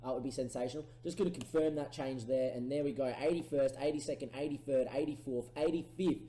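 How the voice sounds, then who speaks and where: Speaking fast at medium pitch, this streamer muses aloud about tactics in his football management game and bursts into excited shouts when goals go in. It's a rough recording in an echoey room.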